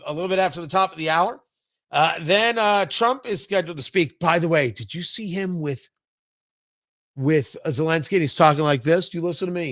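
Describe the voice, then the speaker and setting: A male talk show host delivers opinionated political commentary and goes off on sarcastic tangents. His voice is high and forceful, and it sounds close and dry, with no room around it. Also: dry recording. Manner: emphatic, sarcastic, digressive.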